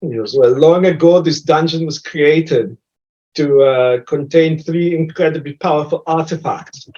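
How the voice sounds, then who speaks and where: A man's voice: a little high, unhurried, warm tone. A man voicing a blunt, matter-of-fact female giant in a tabletop game, talking plainly with small hesitations. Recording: dull lo-fi recording.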